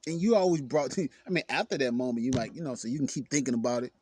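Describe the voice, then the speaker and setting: A man's voice: mid-range voice, quick pace, darkish tone, husky, no room sound. A man giving an earnest, emphatic self-help talk, repeating phrases for emphasis. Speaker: motivational speaker. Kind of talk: self-help video monologue.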